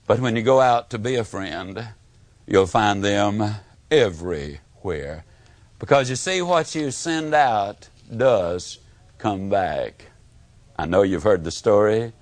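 A man giving a motivational speech to an audience, telling stories with big swings from high to low. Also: lively intonation, takes it slowly, dry recording. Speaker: motivational speaker.

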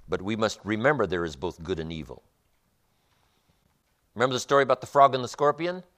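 Lively, emphatic male motivational speaker. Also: lowish voice, brisk. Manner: emphatic, repetitive, preacher-like cadence. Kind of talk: motivational lecture.

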